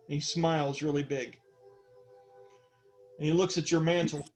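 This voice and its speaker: Guy game-mastering a tabletop game, higher voice, faint music underneath. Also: steady tone, measured pace, long pauses. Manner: sarcastic character voices woven into narration.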